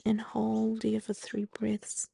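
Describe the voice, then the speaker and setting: An Australian woman teaching mindfulness, calmly guiding slow breathing and gentle movement. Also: on the high side, gravelly, breathy edge, dry recording. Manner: calm, slow, gently instructive. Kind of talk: guided movement and breathing instruction.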